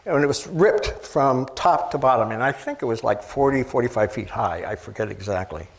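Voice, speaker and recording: Guy giving a sermon, kinda gravelly voice, talks casual, lots of uh and right?. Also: mid-range voice, expressive, normal speed. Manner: conversational, rhetorical questions, many fillers and restarts. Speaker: preacher.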